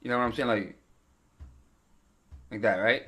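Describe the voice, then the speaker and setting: A man's voice: medium pitch, steady tone, moderate pace, a bit bright. A young man coaching women on dating in a casual, rambling, joking way, acting out quotes. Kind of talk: casual talking-head advice video.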